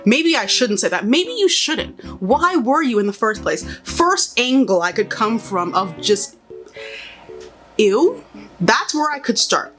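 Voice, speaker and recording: A woman's voice: fairly high pitch, very animated, slow, fairly bright tone, faint music behind. A young woman chatting casually while doing her makeup, giving rambling, opinionated commentary with exasperated asides. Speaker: beauty and pop culture vlogger.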